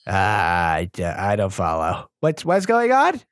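A man's voice: deep voice, wildly swooping pitch, unhurried, clean tone, exaggerated voice. A man voicing a clueless, sweet young boyfriend who stammers and rambles. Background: background music.

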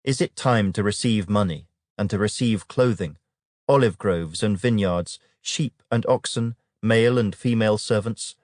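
Man with a low voice reading scripture. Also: moderate pace, a little mellow, no echo, clean studio sound. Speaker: Bible reader.

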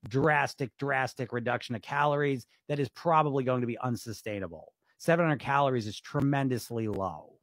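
A man's voice: medium pitch, a bit bright, dry recording, studio quality. A man reading viewer comments aloud on a livestream and answering them bluntly and skeptically, swearing casually and laughing often. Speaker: weight loss coach on a livestream.

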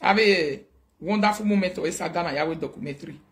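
A man's voice: sits high, quick pace. A Nigerian man hosting a show, talking animatedly in a casual mix of Pidgin and Yoruba, laughing often. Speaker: show host. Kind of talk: casual live-show commentary.

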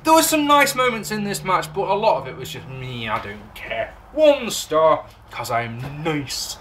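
A man's voice: sits high, very animated, normal speed, fairly bright tone, a little hiss or hum. A man with an English accent, recapping and reviewing a wrestling show in a rambling, sarcastic way, swearing and laughing at his own jokes. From England. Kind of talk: casual recap and commentary.

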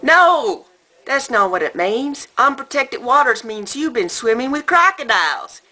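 A woman doing a loud drawling Southern dad. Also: a little high, sing-song, unhurried, pitched above the performer's own voice, exaggerated voice. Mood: insistent. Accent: American Southern. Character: middle-aged Southern American family father, blunt.

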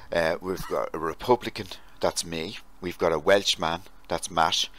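A man's voice: sits low, steady tone, measured pace, fairly bright tone. An Irish man co-hosting a podcast in casual chat, stumbling and apologetic, laughing often. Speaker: podcast co-host.

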